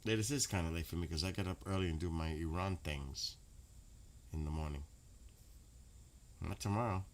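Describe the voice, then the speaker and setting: A very deep-voiced man rambles through a late-night stream chat. He swears freely and breaks into loud laughter now and then. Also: normal speed. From New York. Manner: rambling, profane, laughs loudly.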